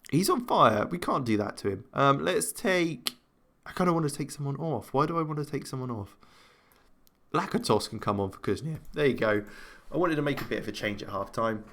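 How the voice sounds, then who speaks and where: Excitable man commentating a football game. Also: mid-range voice. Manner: excitable, jumps to loud cheers at goals; laughs often, talks to himself. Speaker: gaming commentator. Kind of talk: casual let's-play commentary.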